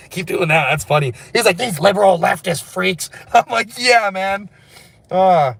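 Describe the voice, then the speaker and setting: A man from Canada chatting on a late-night livestream, reading viewer comments and rambling very fast between laughs. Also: on the high side, fairly bright tone, no room sound. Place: indoors at night, after a street walk.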